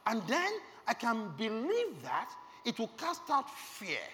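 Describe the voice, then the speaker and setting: A man's voice: very high-pitched, huge pitch swings, slow pace, sharp tone. A middle-aged man, telling an emotional testimony in a sermon and checking in with his listeners. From Nigeria. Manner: earnest, emotional storytelling, asks the audience questions. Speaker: preacher. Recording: reverberant hall with faint background noise.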